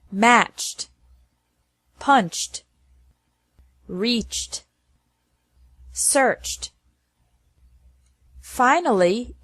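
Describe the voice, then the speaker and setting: A woman teaching pronunciation at a very slow, deliberate pace, spacing out every word. Her voice is mid-pitched and sits close to the mic in a dry room with no echo. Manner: slow, carefully enunciated word lists. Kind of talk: slow scripted lesson narration.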